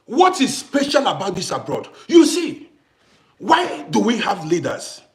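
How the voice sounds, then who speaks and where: A man from Africa rants straight to camera in a high, swooping voice. He fires off rhetorical questions and circles back over the same points again and again for emphasis. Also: huge pitch swings, moderate pace, a bit bright. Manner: ranting, rhetorical questions, repeats himself. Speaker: vlogger. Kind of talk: impassioned monologue to camera.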